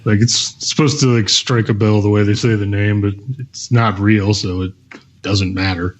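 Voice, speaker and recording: A man's voice: fairly low pitch, fairly even intonation, normal speed. A man chatting on a movie podcast, making dry, brief remarks. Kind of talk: casual movie review chat. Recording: dull lo-fi sound.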